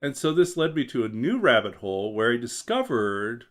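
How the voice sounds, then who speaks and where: A man's voice: mid-range voice, sing-song, normal speed. A young man streaming a game and chatting casually about coding, rambling and hesitant with many fillers and restarts. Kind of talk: casual chat while gaming.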